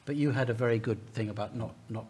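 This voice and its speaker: A man speaking on a conference panel, halting with many restarts and fillers. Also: mid-range voice, darkish tone, breathy edge. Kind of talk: panel discussion.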